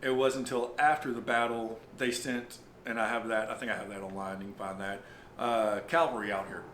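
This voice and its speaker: A man, recounting his experiences as owner of an old lodge in a halting, rambling way with lots of fillers. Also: lowish voice, steady tone, fairly bright tone. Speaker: property owner and paranormal investigator. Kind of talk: casual storytelling interview. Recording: roomy with faint noise.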